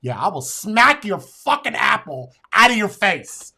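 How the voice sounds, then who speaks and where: An American man streaming, reacting to a clip with profane, mocking rants that flare into shouting. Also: high voice, sing-song, measured pace, vocal fry, few pauses, breathy edge. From United States. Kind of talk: heated reaction commentary.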